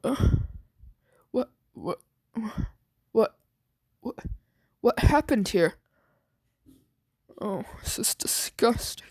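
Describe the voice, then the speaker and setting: A woman's voice: fairly high pitch, big pitch swings, extremely slow, pauses often, warm tone, breathy edge, no room sound, studio quality, exaggerated voice. A woman doing a stunned heroic grown man. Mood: shocked. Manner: stammering, bewildered.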